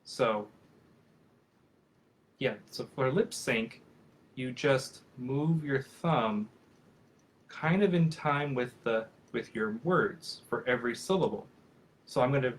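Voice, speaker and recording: Guy in his 30s doing a puppetry q&a over video, mid pitch, lots of ums and restarts, kinda rambly. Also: slight background noise. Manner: rambling and friendly, many fillers and restarts. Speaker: professional puppeteer. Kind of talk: casual live Q&A on a video call.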